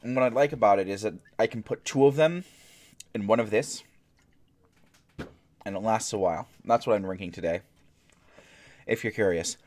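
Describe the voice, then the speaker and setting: A man hosting his own show, reading news articles aloud and breaking off for dry, sarcastic asides in an unhurried, halting way. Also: on the low side, darkish tone. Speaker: streamer and host.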